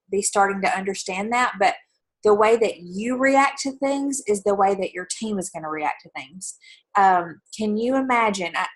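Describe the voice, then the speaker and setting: A woman giving an earnest, encouraging talk to fellow team leaders on a video call. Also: mid-range voice.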